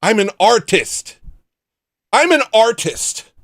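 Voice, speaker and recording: A man's voice: sits high, very animated, fairly bright tone, voice pushed up, heavily acted. A man hamming up a pompous self-adoring artist. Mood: grandiose. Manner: grandiose, drawn-out and lofty.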